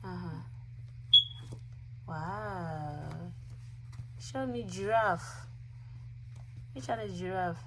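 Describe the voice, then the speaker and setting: Slow-spoken young mom, noisy home clip. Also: female voice, on the low side. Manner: coaxing, teaching a toddler words; tired, candid confiding to camera. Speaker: vlogger mother. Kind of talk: casual family vlog. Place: home at night.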